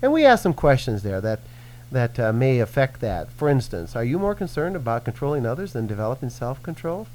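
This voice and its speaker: Male minister, lively swooping delivery, earnest teaching tone. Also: mid-range voice, brisk, rough recording. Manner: earnest, animated preaching with acted-out quotes. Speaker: Christian minister. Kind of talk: teaching in a radio-style conversation.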